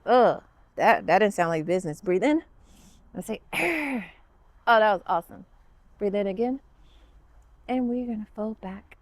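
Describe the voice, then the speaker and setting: A woman's voice: mid-range voice, normal speed, pauses often, no echo. A woman guiding a kids yoga class, upbeat and encouraging with playful cues.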